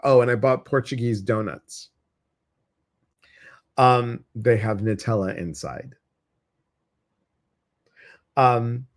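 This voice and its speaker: A man hosts a relaxed evening chat with his meditation group. He talks slowly at a middle pitch, rambling along with plenty of fillers. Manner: rambling and chatty, with many fillers. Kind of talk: casual chat to a live audience.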